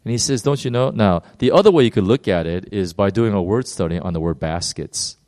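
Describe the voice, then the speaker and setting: A man gives a sermon in a fairly low voice, and his pace speeds up and slows down as he goes. He stops and restarts often and acts out quoted lines with sudden jumps in pitch. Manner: animated, uneven pace with many fillers and restarts. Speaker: pastor.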